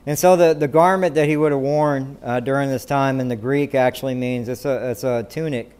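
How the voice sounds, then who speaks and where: A man's voice: medium pitch, steady tone, brisk, a little mellow, clear, resonant tone. A middle-aged man preaching a sermon in a conversational way, often checking in with "right?" and restarting his sentences. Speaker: pastor.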